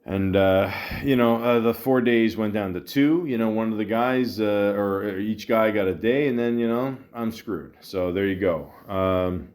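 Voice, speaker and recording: A man's voice: lowish voice, measured pace, hardly any pauses, a little mellow. A man hosting a podcast, telling a story in a rambling, exasperated way, full of fillers, restarts and swearing. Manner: exasperated retelling of an argument. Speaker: podcast host. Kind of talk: casual storytelling.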